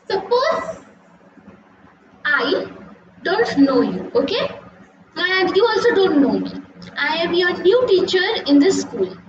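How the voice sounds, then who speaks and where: A young woman teaching a live conversation class. She talks patiently, repeating herself and checking in with "okay?" and "right?". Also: very high-pitched. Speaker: English teacher. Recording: echoey, distant and muffled.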